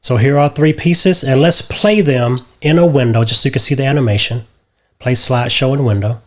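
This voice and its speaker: Man walking through a software tutorial. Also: medium pitch, fairly quick. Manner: step-by-step, often adds a checking "right?". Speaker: tutorial host. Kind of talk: screen-recorded software tutorial.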